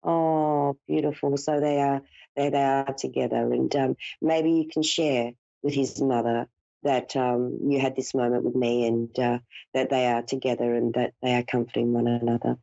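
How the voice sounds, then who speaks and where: A woman's voice: rumbling low, little pitch movement, moderate pace, vocal fry, warm tone, no room sound. A woman giving a live psychic reading, speaking in a soothing, reassuring way and calling her caller dear and darling. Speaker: psychic medium host. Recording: dull lo-fi broadcast audio.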